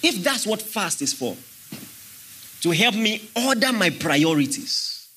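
A man's voice: high voice, big pitch swings, slow pace, sharp tone, a little hiss or hum. A man preaching a sermon, emphatic and questioning his congregation as he teaches. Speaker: pastor.

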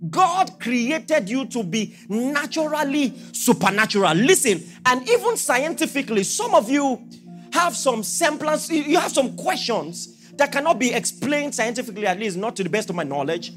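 Male pastor, animated sermon delivery, wide-ranging pitch, soft music underneath. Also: moderate pace. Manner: animated preaching, rhetorical questions, swings from soft to shouting.

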